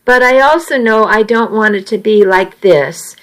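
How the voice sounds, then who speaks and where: A woman's voice: mid-range voice, normal speed, a bit bright, close to an everyday voice, poor audio. A woman voicing an earnest, worried seventeen-year-old boy in an audiobook reading. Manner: earnest and uneasy, reasoning things through.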